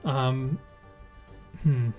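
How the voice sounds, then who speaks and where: A man's voice: medium pitch, fairly even intonation, extremely slow, a little mellow, highs cut off, faint music behind, pitched below the performer's own voice. A man voicing a weary, exasperated female town leader who grumbles and swears in a tabletop game. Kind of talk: game master voicing a character.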